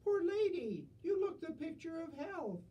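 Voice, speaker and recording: A woman's voice: very high voice, big pitch swings, unhurried, recorded from a distance, lo-fi sound, pitched above the performer's own voice, full character voice. Woman playing a Polish-accented priest. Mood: cheerful. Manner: eager, cheerfully misunderstanding. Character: kindly confused male priest.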